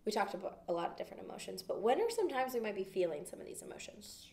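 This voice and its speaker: A woman leading a children's Bible lesson in a playful, expressive way, asking the kids questions as she goes. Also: medium pitch, quick pace. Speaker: children's ministry teacher. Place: church children's room. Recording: echoey room, mic at a distance.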